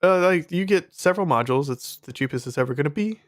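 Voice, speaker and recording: A man's voice: a little high, animated, fast, dry recording, clean studio sound. A young man in casual livestream chat, rambling with many fillers and frequent laughs. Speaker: streamer selling his course.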